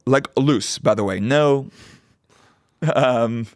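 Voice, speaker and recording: Speaking at a moderate pace in a lowish voice, a male podcast co-host chats casually, spinning lively stories full of swearing and impressions of people he overheard. The recording is dry and studio quality.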